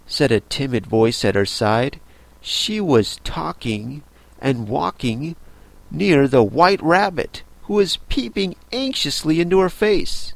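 A man narrating a children's classic in an expressive, unhurried storybook reading. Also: mid-range voice, creaky, no room sound. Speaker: audiobook narrator.

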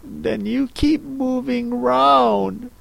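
A reader voicing a polite, curious young girl who speaks slowly and gently. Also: medium pitch, gravelly, dry recording, voice pushed up, heavily acted.

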